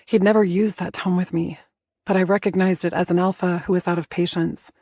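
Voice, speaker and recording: Woman narrating a romance audiobook softly. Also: on the low side, fairly even intonation, a little fast, dry recording, studio quality.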